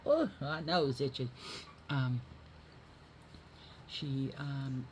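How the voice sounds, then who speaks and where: Drawing out her words in a bass voice, a woman films a chatty makeup tutorial at home, with plenty of background noise. She tells meandering stories from her day to viewers in a cozy, friendly manner.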